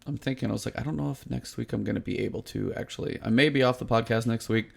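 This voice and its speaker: A man with a gravelly, creaky voice co-hosts a gaming podcast. He speaks in a loose, conversational way. His delivery turns sarcastic and exasperated when he picks apart design choices. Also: mid-range voice, fast talker. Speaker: podcast co-host. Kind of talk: casual gaming podcast chat.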